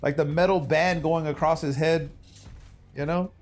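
A young man streaming a game, chatting loosely with his viewers in slangy banter that swings from hype to low mutters. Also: fairly even intonation, normal speed. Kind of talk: casual gaming stream commentary.

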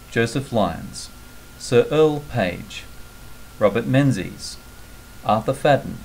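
A man's voice: medium pitch, vocal fry, a little mellow, slight background noise, poor audio. A man with an Australian accent narrating an explanatory video in a friendly, enthusiastic, instructive manner. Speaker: vlogger.

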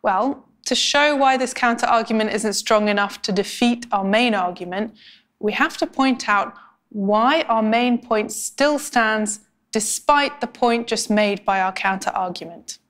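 A woman teaching academic writing in a clear, measured, scripted explainer style. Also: a little high, a bit bright. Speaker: language instructor.

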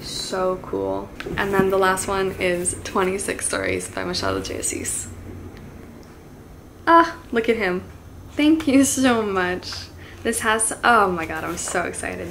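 A woman chatting casually at home as a booktube vlogger, gushing and excitable, with gasps and soft asides. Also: medium pitch, normal speed, gravelly, background noise. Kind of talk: casual unboxing chat.

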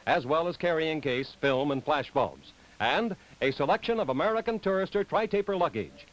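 A man announcing on a 1960s television game show, reading a smooth promotional script. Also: a little high, rough recording. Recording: 1960s TV broadcast.

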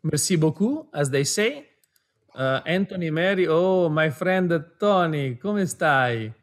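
A man co-hosting a live webinar over a video call, reading out viewer names and greetings, switching languages and quick to laugh. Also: a little high, animated. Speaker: webinar co-host for an audio brand.

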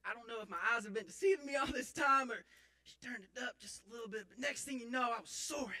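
High, bright-voiced goofball from a man rambling on a church stage, swings wildly up and down. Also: huge pitch swings, a little fast, exaggerated voice. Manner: rambling, self-mocking, theatrical outbursts. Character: clumsy boastful young man, injured, comic. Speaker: actor in a church Christmas skit. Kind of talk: comic stage monologue. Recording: live church audience.

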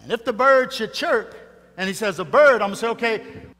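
A man voicing a mischievous little boy in a sermon story, high-pitched and breathlessly excited. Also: a little fast. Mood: scheming. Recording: reverberant hall with faint music.

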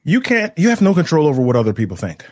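A man guesting on a podcast as a communication trainer, explaining things in a measured way with deliberate pauses. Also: on the high side, huge pitch swings, a little mellow, dry recording, clean studio sound. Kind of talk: instructive podcast conversation.

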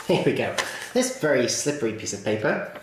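A man's voice: medium pitch, sing-song, moderate pace. A man chatting enthusiastically as he reviews a model train, with rambling asides. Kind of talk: casual hobby video review. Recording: very echoey room, faint noise.

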